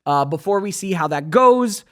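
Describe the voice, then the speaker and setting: A man's voice: high voice, lively intonation, normal speed. A man co-hosting a podcast, recapping episodes in a loose, chatty way with lots of fillers and laughs. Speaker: podcast co-host. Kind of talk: casual rewatch recap chat.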